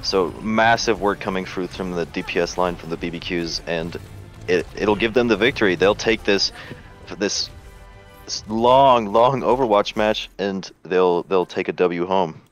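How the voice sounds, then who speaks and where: A man giving colour commentary as an esports co-caster, halting and full of fillers. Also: low voice, soft background music. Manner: halting, many fillers and restarts.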